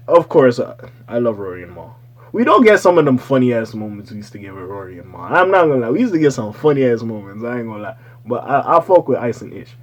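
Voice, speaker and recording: A man with a husky, slightly breathy voice runs through casual commentary, loose and slangy with plenty of profanity. He rambles into side remarks and now and then jumps into loud, excited bursts. His pitch sits in an ordinary middle range. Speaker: commentary channel host. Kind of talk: casual pop-culture commentary.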